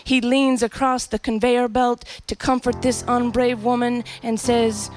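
A woman's voice: on the high side, flat delivery, a little slow, a little mellow, faint music behind. Reflective woman telling a spoken-word story. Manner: reflective, poetic, emotional.

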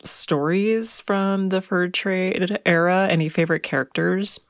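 A woman interviewer asks questions with open curiosity and nudges the talk along. Her voice sits a little low for a woman. The recording is dry and close. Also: steady tone, a little slow, dry recording. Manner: curious, friendly prompting.

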